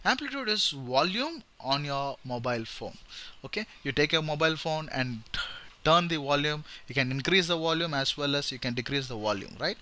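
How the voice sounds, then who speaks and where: A man with an Indian English accent explains an engineering topic in a casual video lesson. His voice is bright and ringing, and his pitch swings widely. He keeps asking "right?" and "okay?", and a guitar is heard at times behind him. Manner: animated, repeats with "right?" and "okay?", demonstrates high and low voice. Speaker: engineering lecturer. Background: guitar playing.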